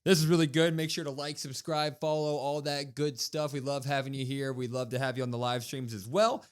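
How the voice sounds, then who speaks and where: A man's voice: medium pitch, brisk, clear, resonant tone. A young man co-hosting a podcast, recapping a wrestling episode in casual chat and acting out what the wrestlers said. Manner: animated storytelling, acting out quotes. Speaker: podcast co-host.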